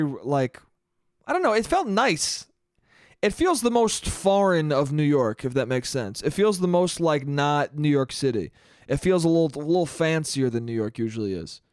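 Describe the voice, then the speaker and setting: A man's voice: on the high side, no room sound, clean studio sound. A man hosting a solo comedy podcast, talking in a profane, rambling way and laughing at his own jokes. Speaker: podcast host.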